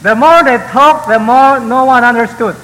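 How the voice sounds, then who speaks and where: A man's voice: extremely high pitch, normal speed, fairly bright tone. A man interpreting a sermon phrase by phrase, sometimes hesitating and restarting. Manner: follows the preacher phrase by phrase, with fillers and restarts. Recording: roomy hall reverb with faint noise.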